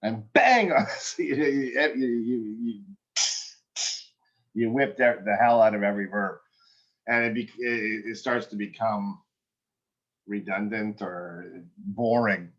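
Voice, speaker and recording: A man's voice: fairly low pitch, fairly even intonation, slow, pauses often, dull audio. A man working as an acting coach, giving a student direct and encouraging feedback in a one-on-one session, often restarting his sentences.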